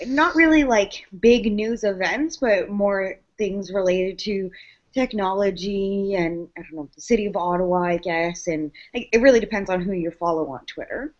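A woman speaking as a guest in a casual panel chat, dry and sarcastic, going through her points one by one. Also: mid-range voice. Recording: dull lo-fi sound.

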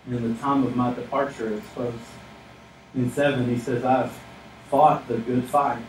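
A man's voice: medium pitch, fairly even intonation, unhurried, slight background noise. A man preaching a sermon as a pastor, emphatic and earnest, often speaking a biblical figure's lines in first person. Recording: echoey room, mic at a distance.

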